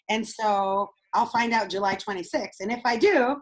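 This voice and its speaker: A woman leading a group coaching call over video, bubbly and excitable, laughing often. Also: medium pitch, moderate pace, few pauses, rough recording. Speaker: speaking coach.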